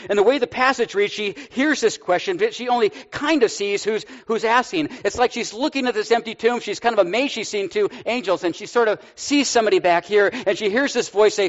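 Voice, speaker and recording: Older male pastor, sixties, relaxed storytelling sermon with gentle humor; slightly high voice, dull audio in a long-reverb church hall. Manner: storytelling, conversational with light humor.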